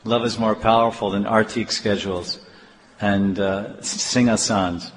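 A man telling devotional stories in an animated sermon, with halting restarts. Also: lowish voice. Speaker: devotional storyteller. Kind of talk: storytelling sermon. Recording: echoey hall, faint ambience.

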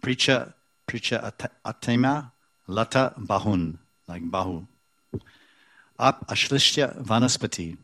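A man's voice: lowish voice, a little slow, fairly bright tone, no room sound. A man giving a devotional scripture class who repeats words and chants verses, then explains them. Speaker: spiritual teacher.

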